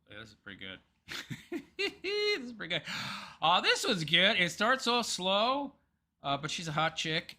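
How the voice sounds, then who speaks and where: Bright-voiced rambling male streamer. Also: mid-range voice. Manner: rambling, hesitant, many ums and restarts. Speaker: livestream commentary host. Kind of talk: casual livestream commentary.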